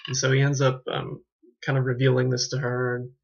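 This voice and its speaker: Male reviewer, husky, rambling, self-correcting; dull lo-fi home recording. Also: mid-range voice, monotone, fairly quick. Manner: rambling, self-correcting, trips over words. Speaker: film reviewer. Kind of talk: casual unscripted review.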